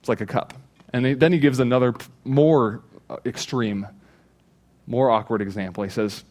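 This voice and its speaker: A man in his thirties, a pastor giving a sermon, telling a funny personal story and acting out his own shouts. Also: mid-range voice, steady tone, normal speed. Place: church stage.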